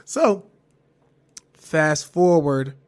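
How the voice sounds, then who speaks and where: A young man, on the higher side for a man's voice, hosting his own podcast. He tells a personal story in casual, profane chat and laughs along the way. When he quotes what he said, his voice leaps up into an excited falsetto. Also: drawn-out words. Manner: animated, jumps to high falsetto when quoting himself; swears freely, laughs through the story. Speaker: podcast host.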